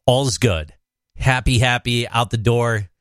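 A man's voice: medium pitch, takes it slowly, dry recording, studio quality. Easygoing man telling a story. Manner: easygoing, relaxed storytelling, reads news aloud. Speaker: podcast co-host. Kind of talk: casual chat, storytelling.

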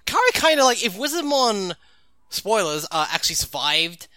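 Bright, giggly co-host; lively, dry close sound. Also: mid-range voice, normal speed, no echo. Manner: giggly, profane. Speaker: podcast co-host. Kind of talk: casual chat.

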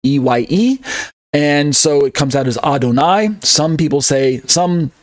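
A man's voice: on the high side, unhurried, no echo. A man teaching an online Bible study, carefully sounding out and spelling Greek and Hebrew words, often correcting himself as he goes. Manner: thinks aloud, with frequent self-corrections and fillers. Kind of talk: online Bible study lecture over on-screen slides.

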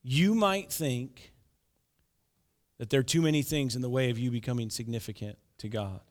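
A male pastor preaching a sermon, telling stories with animated delivery and acting out the characters' lines. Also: mid-range voice, normal speed.

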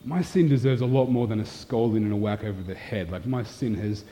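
A man's voice: on the low side, a little fast, mellow. A pastor giving a sermon, telling a candid, self-deprecating story from his own life. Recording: long hall reverb, dull sound.

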